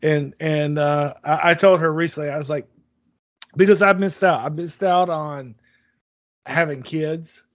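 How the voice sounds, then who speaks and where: A man's voice: fairly high pitch, fairly even intonation, unhurried, no room sound. A man hosting a podcast, chatting casually in a rambling way with many restarts. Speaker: podcast host. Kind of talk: casual chat. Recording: dull dry lo-fi audio.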